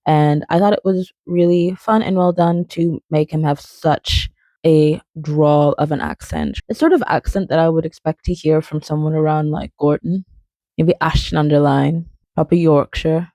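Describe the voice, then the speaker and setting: Chatty young woman, mellow and dry. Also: low-pitched, moderate pace, no echo. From outside England. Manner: chatty and playful, with frequent fillers and tangents. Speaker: video essayist. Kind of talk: casual spoken video essay.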